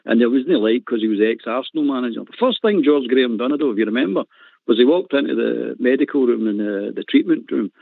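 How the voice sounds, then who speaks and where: A man's voice: medium pitch, animated, quick pace, vocal fry, no echo. A Scottish man calling in to a football phone-in, ranting passionately and laughing often. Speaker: caller. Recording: tinny phone line, dry.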